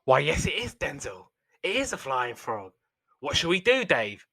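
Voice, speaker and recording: A man's voice: on the high side, very animated, normal speed, sharp tone, voice pushed up, exaggerated voice. A man putting on smug mock-posh cartoon duo. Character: two smug male cartoon animals bantering.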